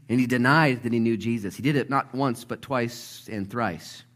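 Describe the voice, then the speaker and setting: A man preaching a sermon, telling the story with energy, dropping to a hush and then rising loud, and acting out the people in it. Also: mid-range voice, moderate pace. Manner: lively storytelling, acts out voices, swings between hushed and loud. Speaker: pastor.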